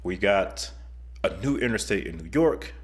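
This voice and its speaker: A man's voice: on the low side, lively intonation, unhurried, husky. A man hosting an online video, giving chatty, enthusiastic, joking commentary over video clips. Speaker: YouTube host.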